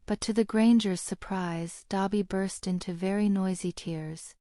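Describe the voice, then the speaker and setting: A woman narrating a fan fiction audiobook in a steady, measured reading. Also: mid-range voice, dry recording, studio quality.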